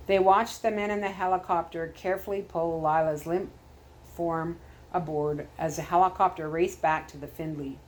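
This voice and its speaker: A woman storyteller reading chapters of a storybook aloud in a calm, steady way. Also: lowish voice, normal speed.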